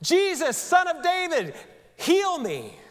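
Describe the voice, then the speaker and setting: A man voicing a desperate blind male beggar who calls out loudly in pleading shouts. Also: very high-pitched, lively intonation, normal speed, long reverb tail, pitched above the performer's own voice.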